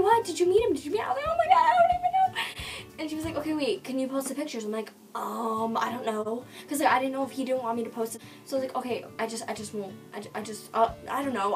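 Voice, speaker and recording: A young woman tells a story in a vlog, quick and breathless, packing her sentences with "like" and replaying each line of dialogue. Her voice sits a little high. She is a bit far from the mic, and music plays clearly behind her. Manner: rapid and breathless, full of "like", retelling dialogue. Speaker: vlogger.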